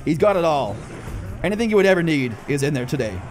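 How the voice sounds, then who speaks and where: Excitable high-voiced man narrating gameplay. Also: fast. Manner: excitable, bursts into high disbelieving shouts. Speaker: gaming channel host. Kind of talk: live gameplay commentary.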